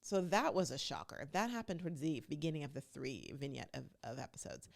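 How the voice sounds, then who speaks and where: A woman with a low voice and a gravelly edge hosts a casual talk podcast. She is chatty and emphatic and speaks straight to her listeners. Her delivery stays loose and conversational throughout. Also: very animated, a little fast. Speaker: podcast host. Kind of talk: casual reality TV recap commentary.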